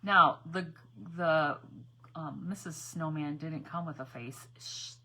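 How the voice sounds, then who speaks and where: Bright-voiced chatty crafting woman. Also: deep voice, slow pace. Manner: chatty, laughs often, mutters while working. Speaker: craft vlogger. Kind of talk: casual crafting chat to viewers.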